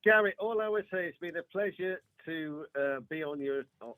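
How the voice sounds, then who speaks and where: Guest spot: English man, higher voice, halting and full of fillers, dry close sound. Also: fairly bright tone, smooth, dry recording, rough recording. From England. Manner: hesitant, many restarts and fillers. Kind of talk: casual podcast chat.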